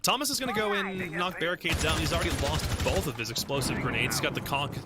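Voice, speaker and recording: A man calling esports play-by-play, excitable and swelling toward shouts in the action. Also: on the high side, fast. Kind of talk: play-by-play commentary. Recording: noisy broadcast with game sounds.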